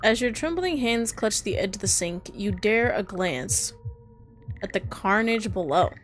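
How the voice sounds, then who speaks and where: A woman's voice: mid-range voice, animated, measured pace. A woman streamer reading a horror visual novel aloud, with dramatic delivery broken by startled asides.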